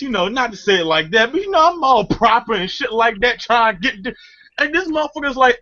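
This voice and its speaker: A man's voice: high-pitched, a little fast, muffled recording. A man, co-hosting a podcast in a profane, comedic rant full of laughter. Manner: profane, animated ranting with frequent laughter. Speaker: podcast co-host.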